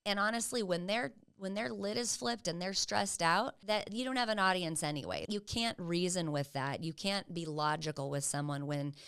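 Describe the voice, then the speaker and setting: A woman's voice: on the low side, moderate pace, vocal fry, hardly any pauses, fairly bright tone, clear, resonant tone. An older woman giving casual, earnest parenting advice, encouraging and acting out what parents could say. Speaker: parenting educator. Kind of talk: casual teaching talk.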